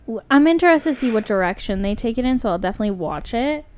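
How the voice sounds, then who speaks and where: A young woman co-hosting a podcast, chatting casually and then reading a story aloud at a steady pace. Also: fairly high pitch, a little hiss or hum. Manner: chatty, laughs easily, reads with slow steady pacing. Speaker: podcast co-host.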